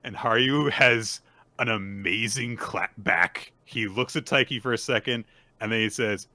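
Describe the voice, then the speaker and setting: Man with a strikingly bright, tense voice. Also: fairly low pitch, a little slow, no room sound. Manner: animated retelling, acts out quoted lines. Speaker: podcast co-host. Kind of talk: casual chat recapping manga chapters.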